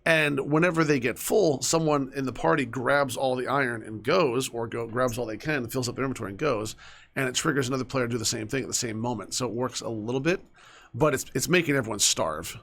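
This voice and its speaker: A young man with a gravelly, fry-edged voice talks his way through a game, chatting casually to the characters on screen. He often drops into soft mutters, then picks back up in a mid-range voice. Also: medium pitch, fast. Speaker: gaming streamer. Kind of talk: casual gameplay commentary.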